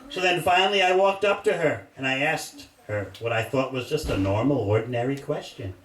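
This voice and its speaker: An older man, a monk, giving an animated storytelling sermon in a temple hall, with listeners laughing. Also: medium pitch, fairly quick. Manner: animated anecdotes, laughing audience. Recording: echoey hall, distant mic, faint hiss. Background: audience laughter.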